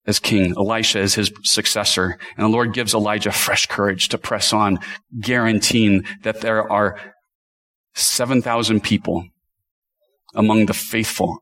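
A man's voice: lowish voice, a bit bright, rough recording. Passionate man preaching a sermon. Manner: earnest and passionate, with sudden speed-ups and slow stresses; chatty asides to the congregation. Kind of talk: expository sermon.

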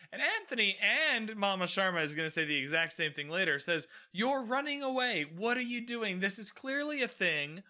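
Bright, chatty man recapping a show. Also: sits high. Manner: chatty, sarcastic, acts out quoted lines. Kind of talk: casual recap commentary.

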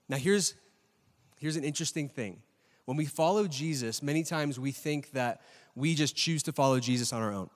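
A man in his thirties preaching a sermon in a chatty style, asking the audience questions and often checking in with "right?". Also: mid-range voice. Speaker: pastor. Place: church hall with a live audience. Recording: long reverb of a large hall.

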